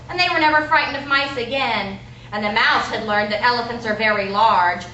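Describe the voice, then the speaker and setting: A woman, a teacher, telling a children's story with expressive, dramatic narration during a school performance. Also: high-pitched. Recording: echoey room, recorded from far off.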